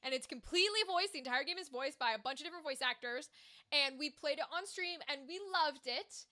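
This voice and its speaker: A woman's voice: high voice, fairly quick, bright, forceful tone. An American woman streamer chatting casually and animatedly on a livestream, reading out viewer comments and swearing freely.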